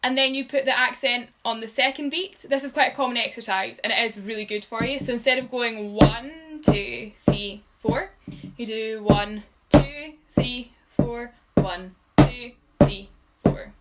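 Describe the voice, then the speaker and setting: A woman's voice: fairly high pitch, moderate pace, heavy background noise. A woman giving a live-streamed drumming lesson, patiently counting beats aloud with frequent ums. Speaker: drum tutor.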